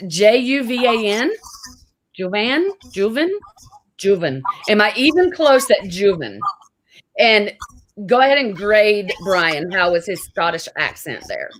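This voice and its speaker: A woman's voice: mid-range voice, a bit bright, slight background noise, rough recording. Upbeat woman hosting a show. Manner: upbeat, enthusiastic, chatty. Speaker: show host. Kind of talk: casual interview chat.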